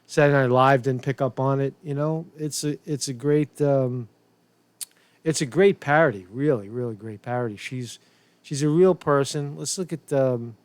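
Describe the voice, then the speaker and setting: A man's voice: medium pitch, normal speed, no echo. A man hosting a political commentary show, loose and profane, rambling with frequent restarts. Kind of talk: casual commentary.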